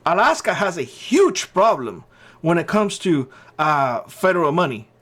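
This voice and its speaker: Higher-voiced guy ranting his opinions on his channel, blunt, says stuff twice for emphasis. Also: big pitch swings, a little slow, a bit bright. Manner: blunt, emphatic, repeats key phrases. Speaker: channel host. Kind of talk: opinion commentary to camera.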